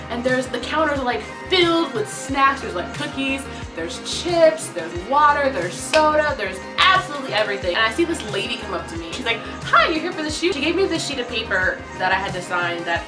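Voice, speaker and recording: A young woman telling a storytime vlog in an excitable, gushing way that bursts into squeals. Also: mid-range voice. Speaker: vlogger. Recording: echoey room, mic at a distance, music behind.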